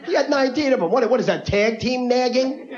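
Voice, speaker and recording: On stage before a live audience, a man with an extremely high-pitched voice performs a brash, ranting, rapid-fire stand-up set. It comes from a lo-fi TV broadcast with a noisy background and audible crowd.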